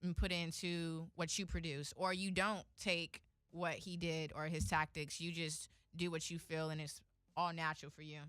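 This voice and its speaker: Bright-voiced chatty woman co-host. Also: sits low, flat delivery, normal speed, hardly any pauses, clear, resonant tone, no room sound, clean studio sound. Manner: chatty, playful, scats beats aloud. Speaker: podcast co-host. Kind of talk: casual interview chat.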